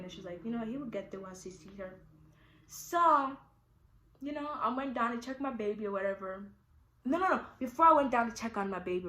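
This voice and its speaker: A woman's voice: mid-range voice, a bit bright. A young woman telling a personal story to her viewers in a loose, rambling, candid way, full of fillers. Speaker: vlogger. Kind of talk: casual storytime. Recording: echoey room.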